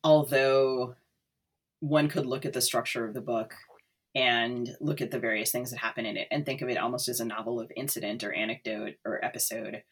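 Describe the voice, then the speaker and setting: A woman co-hosting a casual book discussion, speaking thoughtfully with frequent pauses and fillers. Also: rumbling low, steady tone, husky. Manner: thoughtful, hesitant, many fillers.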